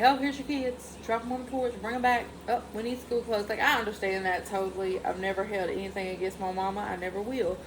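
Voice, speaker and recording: A young woman from Mississippi shares a personal family story with her followers in a casual vlog, her medium-pitched voice heartfelt and candid. She rambles in loose run-on sentences packed with "like." The recording is rough, with slight background noise.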